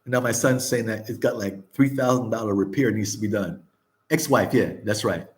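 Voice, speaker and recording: A man's voice: fairly low pitch, normal speed. An older man hosting a casual chat, talking candidly, laughing often, swearing and repeating himself. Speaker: vlog host.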